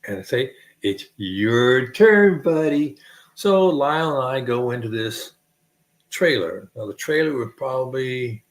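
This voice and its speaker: Brief: American man, gravelly voice, animated folksy storyteller, echoey room. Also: medium pitch, moderate pace. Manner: animated, folksy, laughs at his own stories. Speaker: streamer telling stories. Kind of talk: casual rambling anecdote. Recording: roomy echo.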